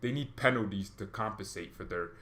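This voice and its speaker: Excitable man rambling on a livestream. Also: fairly low pitch, fairly quick. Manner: excitable, rambling, animated exclamations. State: coughing. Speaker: football channel host. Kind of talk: casual livestream chat.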